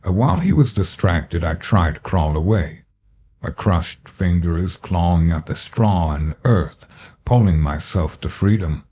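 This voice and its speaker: A man narrating a horror story in a slow, grave storytelling manner. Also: low voice, expressive, mellow, slightly rough.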